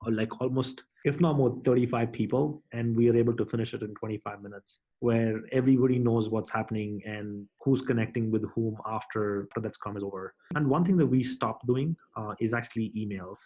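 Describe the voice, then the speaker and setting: A man who co-founded a company, answering as a guest in a business interview, explaining quickly and often repeating words as he restarts. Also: medium pitch, darkish tone, poor audio. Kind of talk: interview conversation.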